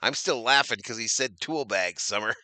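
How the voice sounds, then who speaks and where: A man's voice: mid-range voice, normal speed, sharp tone, dry recording. A man giving casual, slangy fan play-by-play of a baseball game, laughing often and reading chat comments aloud. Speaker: live-stream baseball commentator.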